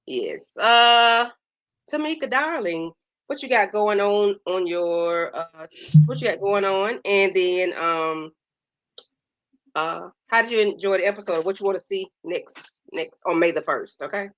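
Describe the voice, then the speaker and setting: A woman hosting a casual live-stream chat, teasing her guests and asking quick questions. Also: medium pitch, fairly bright tone, dull audio.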